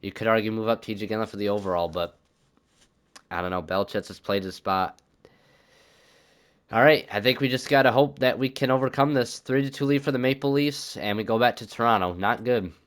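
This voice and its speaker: A man's voice: lowish voice, fairly quick, fairly bright tone, clear, resonant tone. A young man commenting on his own hockey video game season, thinking aloud and swearing when things go wrong. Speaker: gaming YouTuber.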